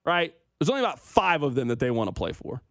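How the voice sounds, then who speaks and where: A young man hosting sports talk radio, slightly higher-pitched than most men. He banters, whines playfully and mocks himself. The voice is dry and close, on a studio microphone. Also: quick pace, creaky, dry recording. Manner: animated, self-mocking, whiny complaints.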